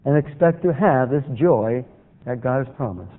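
A man preaching a sermon, quoting scripture in a slow, measured cadence. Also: medium pitch, lively intonation. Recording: tinny phone-like sound with long reverb.

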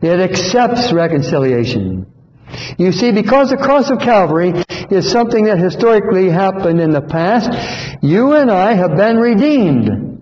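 A man preaching a sermon in a church hall, earnest and pleading, repeating phrases for emphasis. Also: sits high. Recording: dull echoey hall recording.

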